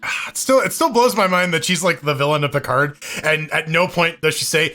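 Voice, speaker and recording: Bright, kinda high-voiced guy rambling through a story on a podcast, stumbles on his words a lot. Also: brisk, few pauses, soft background music. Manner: laughing, profane, stammering storyteller. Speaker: co-host. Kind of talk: casual podcast banter.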